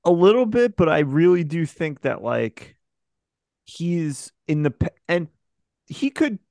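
Man, casual podcast co-host, rambling, profane, exasperated, gravelly voice, dry sound. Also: a little high, expressive, unhurried, darkish tone, dry recording. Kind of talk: casual recap chat.

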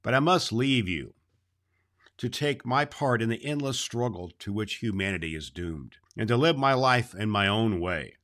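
A man's voice: on the low side, lively intonation, normal speed, a bit bright. A man voicing an earnest young man who solemnly takes leave of his forest home. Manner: solemn, formal speech.

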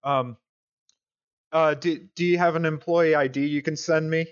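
A man playing a tabletop game, speaking hesitantly with many pauses and ums. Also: a little high, fairly even intonation, smooth, dull audio. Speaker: player. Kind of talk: casual tabletop play.

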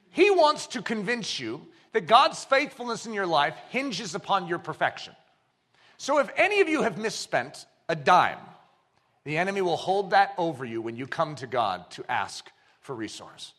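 Animated high-voiced preacher. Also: male voice, normal speed. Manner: animated, shifts between hushed and shouting; acts out quoted voices. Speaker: pastor. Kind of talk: sermon.

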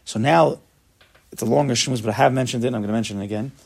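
A man's voice: mid-range voice, racing, vocal fry. A man giving a spoken Torah lecture, emphatic and repetitive, often dropping Hebrew terms into his English. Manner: emphatic, repeats words, sprinkles in Hebrew terms. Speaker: Torah teacher.

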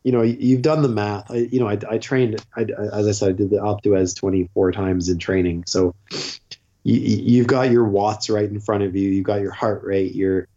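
A man's voice: lowish voice, steady tone, moderate pace, mellow, dull audio. A man guest telling a long story in a casual, rambling way, full of fillers. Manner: rambling, filler-heavy with frequent "like".

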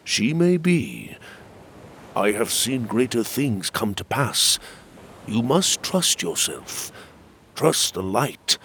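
A man voicing a wise, gentle guiding spirit who speaks slowly and calmly with lively pitch. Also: slight background noise, heavily acted. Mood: calm reassuring. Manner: slow, calm, reassuring.

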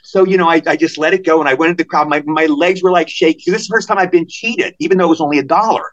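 An older man from Maryland, a podcast guest telling animated anecdotes and acting out the voices of people in them. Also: fairly high pitch, very fast, highs cut off. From Maryland, USA. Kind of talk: storytelling in a podcast interview.

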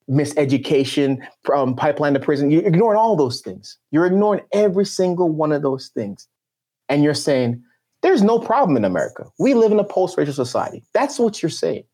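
A man's voice: mid-range voice, mellow. A man speaking as a podcast guest, telling a personal story in an emotional, emphatic way. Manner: passionate and emphatic, with swinging intonation.

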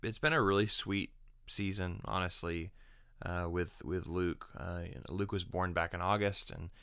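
A man's voice: deep voice, steady tone, a little slow, fairly bright tone, clear, resonant tone, no echo, studio quality. A young adult man with a Texan accent, a guest singer-songwriter chatting in an easygoing way in an interview. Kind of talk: casual interview chat.

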